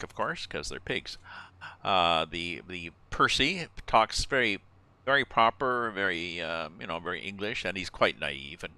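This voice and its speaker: A man's voice: sits low, sharp tone, no room sound. A man streaming a farming game, chatting casually and thinking aloud as he goes. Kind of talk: casual gameplay chat.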